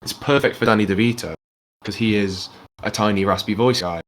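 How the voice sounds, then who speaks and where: A man's voice: lowish voice, fairly quick, a little hiss or hum. A man co-hosting a podcast in casual, slangy, jokey banter. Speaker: podcast co-host. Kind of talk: casual chat.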